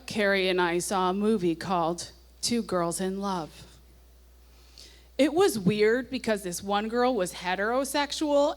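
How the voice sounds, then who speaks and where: Woman in her forties reading her old diary aloud. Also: mid-range voice. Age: 40s. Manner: wry asides, reads diary passages with mounting gusto. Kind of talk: live comic diary reading. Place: stage at a nightclub before an audience.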